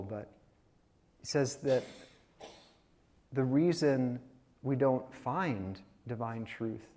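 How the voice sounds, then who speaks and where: A man giving a Sunday sermon as a minister, reflective and unhurried, mixing personal stories with gentle laughs. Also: medium pitch. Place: spiritual community service.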